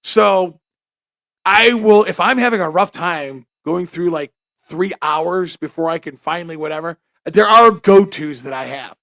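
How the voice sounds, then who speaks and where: A man's voice: sits high, a little slow, creaky, a bit bright, no room sound, clean studio sound. A man telling crude, rambling stories on a podcast, often laughing at himself. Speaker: podcast co-host. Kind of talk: casual chat.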